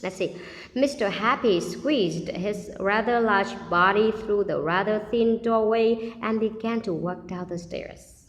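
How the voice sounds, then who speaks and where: A woman's voice: mid-range voice, a little slow. A woman who reads a children's story aloud and patiently stops to explain new words. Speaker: English teacher. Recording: echoey room with long reverb.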